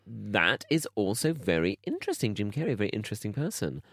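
A man's voice: on the low side, big pitch swings, fast talker, no echo, clean studio sound. A man co-hosting a podcast, playful and self-mocking, leaning on words for comic emphasis. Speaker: podcast co-host. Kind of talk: casual chat.

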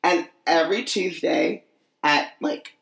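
A woman's voice: lowish voice, slow pace, vocal fry. A woman co-hosting a casual podcast, telling stories and acting out what people said. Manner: storytelling, acts out quotes. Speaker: podcast co-host. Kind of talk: casual chat.

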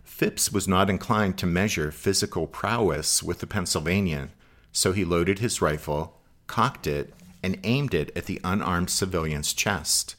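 A man with a notably low, deep voice narrates history from a script. He reads at a measured pace and gives the quoted lines some color. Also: fairly bright tone. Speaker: podcast co-host.

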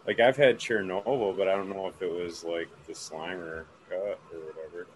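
Deep-voiced man chatting loosely. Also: steady tone, moderate pace, noisy background. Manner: rambling, trails off searching for words. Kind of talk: casual chat.

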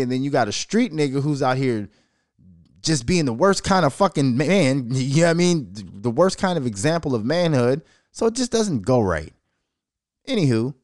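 A man hosting a podcast, ranting profanely in animated commentary and slipping into mocking voices. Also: on the high side, moderate pace, no echo, clean studio sound. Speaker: podcast host.

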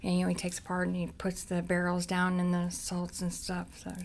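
Gravelly-voiced woman telling her story. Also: lowish voice, completely flat delivery, a little hiss or hum. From Cincinnati, United States. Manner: frank, halting, with many restarts. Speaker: podcast guest. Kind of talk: candid personal storytelling.

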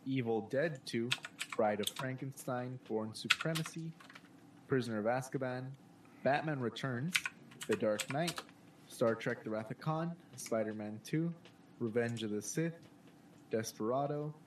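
A man's voice: medium pitch, measured pace. A man co-hosting a casual podcast over a call, rambling with fillers and laughing between remarks. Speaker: podcast co-host. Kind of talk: casual chat. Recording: distant mic with clear keyboard noise.

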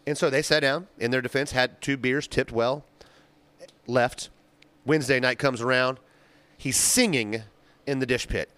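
A young adult man co-hosting a podcast, telling a workplace story in profane, animated casual chat. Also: medium pitch, unhurried, pauses often, clear, resonant tone, dry recording. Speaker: podcast co-host.

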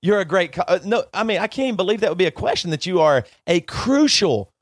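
A man's voice: sits high, expressive, fast, dry recording, studio quality. A man co-hosting a podcast, emotional and pleading as he argues with a friend and talks over him. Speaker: podcast co-host. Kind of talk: heated argument between friends.

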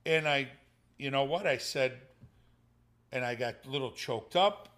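A man's voice: medium pitch, a little slow. An older man, a father and grandfather, telling a long family story in casual chat, swearing freely and acting out what people said. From Sicilian heritage. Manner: animated storyteller, swears freely, acts out quotes.

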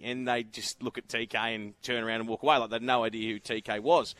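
A man's voice: mid-range voice, a little fast, few pauses, fairly bright tone. An Australian man presenting horse racing from the road, telling rambling anecdotes in casual radio chat and laughing often.

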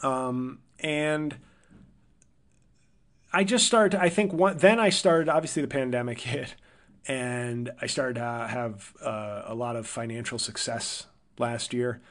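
A man's voice: slow pace, a bit bright. Rambling man telling a podcast story. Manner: rambling, self-correcting, thinks aloud; livelier and higher when quoting people. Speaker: podcast host. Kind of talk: casual storytelling monologue.

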